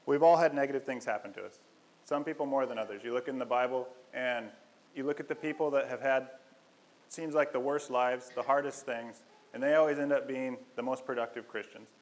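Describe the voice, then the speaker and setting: A man's voice: mid-range voice, steady tone, fairly quick, poor audio. A young man preaching a casual, joking sermon, telling stories with self-deprecating humor. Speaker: lay preacher.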